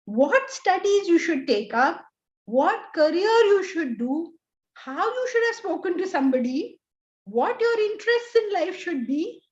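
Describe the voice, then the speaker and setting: A high-pitched woman with an Indian accent lectures her students on Vedanta. She talks in an animated, scolding way and fires off rhetorical questions. The recording sounds dull and lo-fi. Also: unhurried. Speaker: Vedanta teacher.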